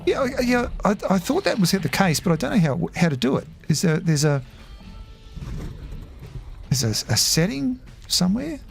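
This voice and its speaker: A man chatting casually while streaming a game, rambling and halting, with frequent chuckles. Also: high voice, sing-song, gravelly, faint music behind. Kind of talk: casual live-stream chat.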